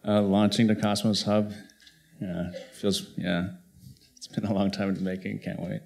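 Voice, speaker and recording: Panelist, male, lowish voice, matter-of-fact. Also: level tone, moderate pace, creaky, darkish tone, slight background noise. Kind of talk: conference panel discussion.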